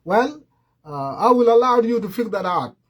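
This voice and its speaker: A man's voice: very high-pitched, expressive, normal speed. A man giving impassioned political commentary, repeating his warnings.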